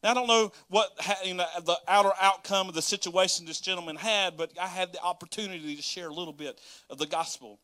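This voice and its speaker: A man preaches by telling a story, folksy and animated. His voice sits high and sounds bright and forceful. He calls the congregation "y'all" and breaks into short laughs along the way. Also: fast. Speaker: pastor. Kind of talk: storytelling sermon.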